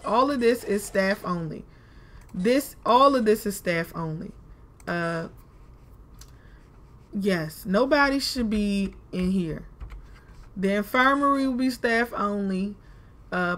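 A woman giving casual let's-play commentary, chatty and talking to herself, with frustrated exclamations. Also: mid-range voice. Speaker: gaming video creator.

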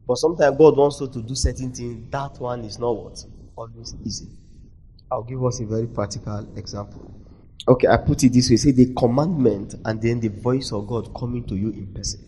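A man preaching a sermon in a conference hall, prompting the audience to finish his sentences and swinging between loud emphasis and near-whispers. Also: medium pitch, steady tone, brisk, a little hiss or hum.

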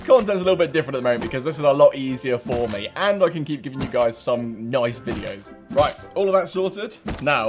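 A young British man giving cheeky gameplay commentary, laughing often and breaking into loud taunting yells. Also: fairly high pitch. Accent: British English. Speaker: gaming YouTuber.

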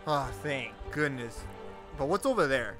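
A young man giving loud, cursing let's-play commentary, yelling at monsters as his voice grows hoarse. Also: mid-range voice, expressive, unhurried, over music. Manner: loud, swearing, talks to the monsters. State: voice getting hoarse. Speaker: gamer.

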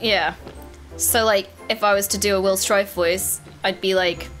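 A woman co-hosting a gaming stream, chatting in an excitable, teasing way and laughing easily. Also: mid-range voice, normal speed, faint music behind. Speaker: gaming video co-host. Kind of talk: casual chat while gaming on a stream.

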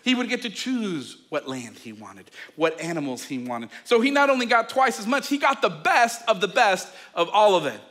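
A male pastor who preaches a sermon, tells the story in a lively way, and talks straight to his listeners. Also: high-pitched, moderate pace, hardly any pauses. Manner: animated storytelling, acting out scenes; addresses listeners directly.

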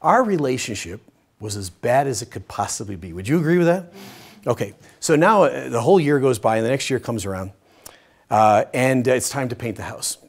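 A middle-aged man teaching a Bible study session, telling stories with lively energy and swinging from loud, emphatic lines to hushed ones. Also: mid-range voice, fairly quick.

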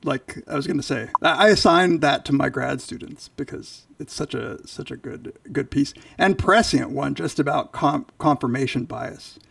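A male podcast co-host in casual chat, halting with many fillers and restarts, and losing his voice. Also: medium pitch, creaky, a bit bright, dry recording, recorded from a distance. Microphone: video call.

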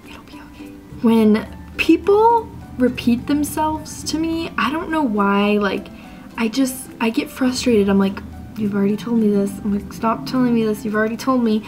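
A woman's voice: fairly high pitch, moderate pace, darkish tone, faint music behind. A young woman vlogging about her pet peeves in a chatty, exasperated way, filling her talk with "like" and mock-quoting people. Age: young adult. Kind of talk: casual ranting vlog.

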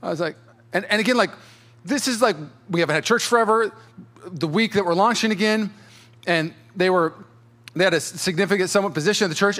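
A young man who pastors a church, preaching a sermon in his sanctuary with animated storytelling and frequent filler words. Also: high-pitched. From California, USA.

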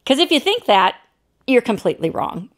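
A woman preacher quoting a firm teacher who corrects a crowd in a measured way. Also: a little high, sing-song.

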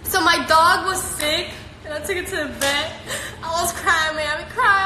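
A woman's voice: extremely high pitch, unhurried. Brash, profane teenage girl streamer. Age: teens. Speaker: live streamer. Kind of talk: casual live-stream chat reading viewer comments. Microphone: phone. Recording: roomy, noisy phone live stream.

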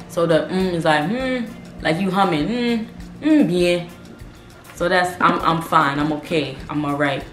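A woman giving a casual language lesson, chatty, and repeating each phrase slowly. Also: fairly low pitch, a bit bright, echoey room. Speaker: language tutor.

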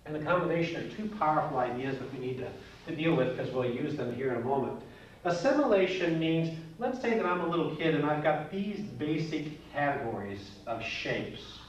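Folksy man lecturing in a roomy, lo-fi recording. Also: on the high side. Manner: folksy, jokey explaining with playful asides. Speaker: psychology teacher. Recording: roomy, distant, dull lo-fi with faint hiss.

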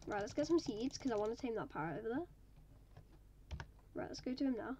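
High-voiced woman chatting over gameplay. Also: lively intonation, brisk, warm tone, lo-fi sound, a little hiss or hum. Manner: chatty, talking to viewers while playing. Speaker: gaming video maker. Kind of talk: casual gameplay commentary.

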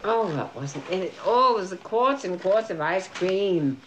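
A woman's voice: mid-range voice, expressive, a little slow. Chiding older mother, hissy old film. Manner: chiding, dismissive, wry. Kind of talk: candid documentary conversation. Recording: old 1970s documentary film sound with hiss.

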